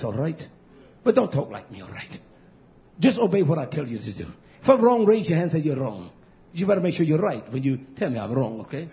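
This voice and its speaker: Man, fiery preacher, high voice, drawn-out emphatic repeats, dull lo-fi sound. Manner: impassioned, swinging between low mutters and shouted outbursts. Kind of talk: fiery sermon. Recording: dull lo-fi recording.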